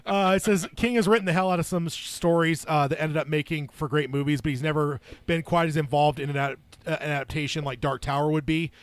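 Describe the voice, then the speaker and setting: Guy cohosting a podcast, bit high voice, reads stuff out with lots of uhs, dry sound. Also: fast, few pauses, dry recording. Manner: relaxed, laughs often, reads with fillers. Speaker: podcast co-host. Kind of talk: casual chat, reading an article aloud.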